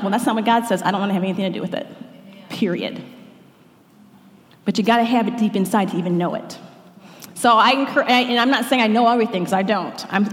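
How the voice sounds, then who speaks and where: Earnest woman preaching in echoey hall. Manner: earnest, acts out inner voices with pitch jumps. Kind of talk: sermon.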